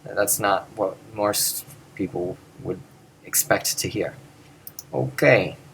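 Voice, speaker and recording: Slow-talking man lecturing with many fillers. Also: low voice, steady tone, fairly bright tone, a little hiss or hum. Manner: thinks aloud with many fillers and restarts, slow and unhurried. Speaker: lecturer on Greek pronunciation. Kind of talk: unscripted video lecture.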